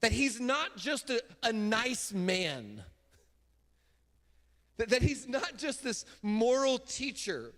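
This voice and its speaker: A man pastor preaching a sermon from a church stage, casual and emphatic, with sudden loud bursts. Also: very high voice, sing-song, slow. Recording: long hall reverb in a church.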